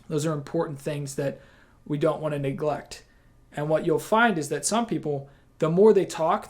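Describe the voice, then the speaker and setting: A man's voice: a little high, a little mellow. Casual emphatic man giving a training talk. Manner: casual and emphatic, acting out quick quoted lines.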